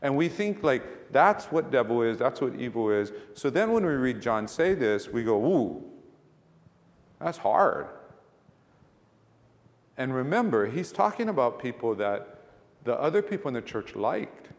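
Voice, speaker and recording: A male pastor preaching in a plain, conversational way, leaning on rhetorical questions and emphatic points. His voice sits at an ordinary middle pitch for a man. The sound carries a long, lingering reverb, like a large church hall. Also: sing-song, moderate pace. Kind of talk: sermon.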